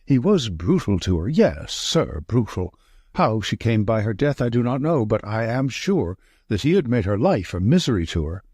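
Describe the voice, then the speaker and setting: A frightened, twitchy estate manager, read by a man in an audiobook, who pushes out short, gasping sentences. The voice is husky and swings lively up and down. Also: on the low side, moderate pace, no room sound, studio quality. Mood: agitated. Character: thin, nervous male estate manager, frightened. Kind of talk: audiobook reading.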